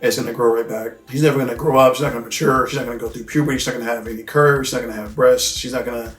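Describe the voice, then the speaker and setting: A man's voice: medium pitch, fairly even intonation, very fast, a bit bright. A man hosting a casual movie recap, talking in a loose, rambling way, with lots of filler words and swearing. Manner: loose, rambling and profane, full of "like" and "you know what I mean". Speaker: host. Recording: echoey room with faint music.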